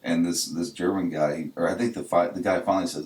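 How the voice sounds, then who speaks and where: A man's voice: rumbling low, fairly even intonation, fairly quick, a little mellow. A man co-hosting a casual podcast, telling a story in an easygoing way. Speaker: podcast co-host. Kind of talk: casual chat. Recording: echoey room, distant from the mic.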